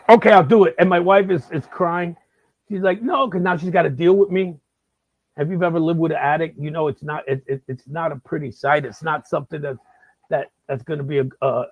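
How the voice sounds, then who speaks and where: A man's voice: a little high, no echo. A man hosting a comedic live-stream monologue, rambling and stammering with lots of repeated words. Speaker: host. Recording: slightly dull lo-fi sound.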